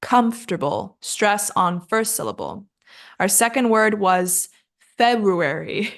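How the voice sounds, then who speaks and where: Her voice is medium-pitched, sing-song, and creaky: a woman, possibly, teaching English pronunciation informally. Talkative and self-deprecating, she laughs at her mistakes, drags out model words slowly, and seems worn out from taping several episodes in a row.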